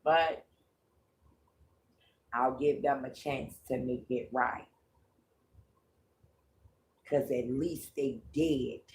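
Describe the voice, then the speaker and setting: A woman's voice: a bass voice, a little mellow, slight background noise. A woman hosting a livestream, telling a story in a profane, repetitive way. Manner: slow, drawling, profane, repeats herself. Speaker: livestream host.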